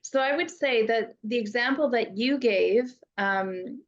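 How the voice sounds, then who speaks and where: A woman's voice: on the high side, measured pace, lo-fi sound. A woman youth educator talking casually and thoughtfully, acting out example phrases with frequent restarts. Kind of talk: casual conversational talk.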